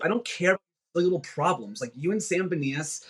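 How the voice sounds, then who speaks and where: A man's voice: on the high side, animated, a little fast, breathy edge. A young man who is a podcast guest, speaking candidly with swearing and frequent restarts in casual chat. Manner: candid, profane, rambling with restarts.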